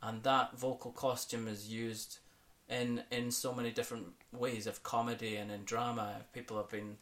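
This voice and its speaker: A British man with a medium-pitched voice speaks at a moderate pace as an accent coach in a podcast interview. He's enthusiastic and gets animated about accents, sounding thoughtful while using fillers and restarts.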